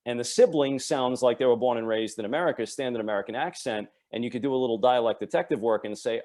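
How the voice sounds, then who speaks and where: A man from Long Island in New York talking in a relaxed interview. He is an audiobook narrator and dialect coach, and he explains things at length in an easy, expansive way, pitched in a middle range. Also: fast talker, few pauses. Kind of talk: casual chat.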